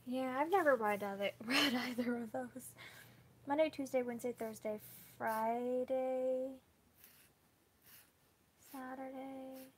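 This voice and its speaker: A woman book vlogger chatting casually with her viewers, full of "like" fillers and quick laughs. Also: high-pitched, steady tone, slight background noise. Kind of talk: casual live chat with viewers.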